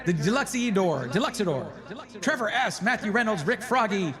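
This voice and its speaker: Excitable male streamer, high voice, hoarse, faint music underneath. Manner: excited, reads names in rapid bursts. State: voice going hoarse. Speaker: livestream host. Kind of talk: live stream chat.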